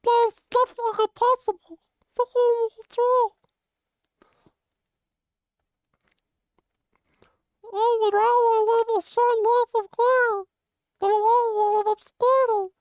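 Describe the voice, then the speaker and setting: A streamer voicing a tiny squeaky game creature that recites grand quotes with lip smacks. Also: flat delivery, moderate pace, no echo. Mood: grandiose.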